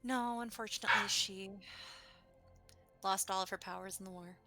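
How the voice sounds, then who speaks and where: A woman's voice: mid-range voice, fairly even intonation, moderate pace, loud music behind the voice. A woman playing her character in a tabletop game, playful and gushing. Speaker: player.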